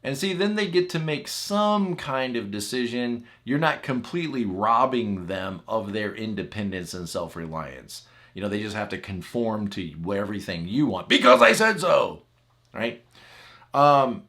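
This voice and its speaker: A man teaching as a personal growth coach in a chatty, conversational way, often checking in with the listener. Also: mid-range voice. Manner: chatty, asks the listener "right?"; acts out example phrases in lively voices. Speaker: relationship coach.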